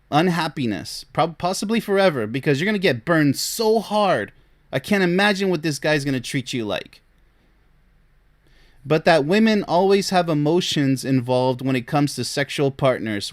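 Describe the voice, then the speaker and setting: A man with a slightly high voice gives exasperated commentary as a relationship coach. He scolds and sounds incredulous, and he breaks into short laughs of disbelief between remarks. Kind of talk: reaction commentary.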